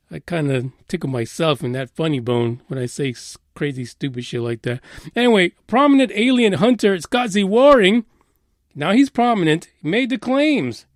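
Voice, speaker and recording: Sweary new guy ranting on his podcast, pretty high voice, dead dry mic. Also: no room sound. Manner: profane, sarcastic and combative, swinging loud and low. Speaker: podcast host.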